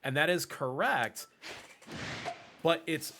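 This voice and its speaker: A man's voice: mid-range voice, expressive, moderate pace, noisy background. A man from the Pacific Northwest explaining game routing at length during a live speedrun stream, with fillers and self-corrections. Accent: American, Pacific Northwest. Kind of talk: casual live-stream commentary while gaming.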